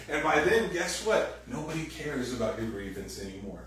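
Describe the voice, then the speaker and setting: A man giving a sermon as pastor, animated and conversational, acting out quoted voices loudly. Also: medium pitch, normal speed. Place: church hall. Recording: very echoey room, distant mic, faint noise.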